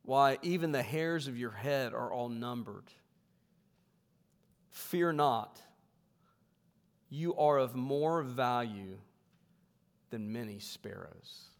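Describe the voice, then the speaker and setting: Pastor preaching in a reverberant sanctuary. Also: male voice, medium pitch, gravelly. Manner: humorous, conversational preaching with slow emphatic scripture reading. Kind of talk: sermon. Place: church sanctuary. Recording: long hall reverb.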